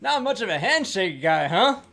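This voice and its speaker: A woman voicing a loud, competitive suburban dad with a boisterous, laughing manner. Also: mid-range voice, very animated, moderate pace, vocal fry.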